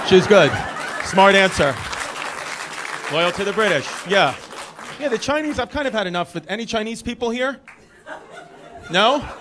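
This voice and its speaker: Brash higher-voiced male stand-up comedian. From Brooklyn, New York. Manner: brash, rambling crowd work. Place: theater stage. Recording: live theater with a laughing crowd.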